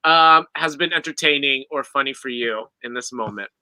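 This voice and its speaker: A man's voice: medium pitch, normal speed, bright, forceful tone, smooth, no echo. A man co-hosting a casual podcast over a video call, chatty and laughing often. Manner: chatty, laughing, many "like" fillers. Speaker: podcast co-host. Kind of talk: casual chat.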